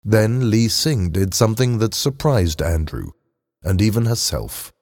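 Slow male storybook narrator in reverb. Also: on the low side. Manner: steady, unhurried reading. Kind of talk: audiobook narration. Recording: long hall reverb.

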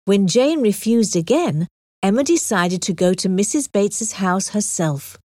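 A woman narrating an audiobook with a clear, expressive reading on a close mic. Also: medium pitch, unhurried, no echo.

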